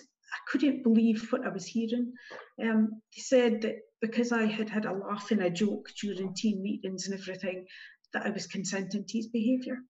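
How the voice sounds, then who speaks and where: A woman guest giving candid spoken testimony, emotional and halting, with wry asides. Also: mid-range voice, a little mellow. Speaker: guest telling her story. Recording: dull lo-fi recording.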